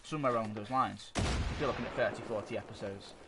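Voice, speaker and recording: A man with a lowish voice speaks quickly as a podcast co-host, rambling through his opinions and often pausing to hunt for words. He's on a desk microphone in a noisy amateur podcast recording.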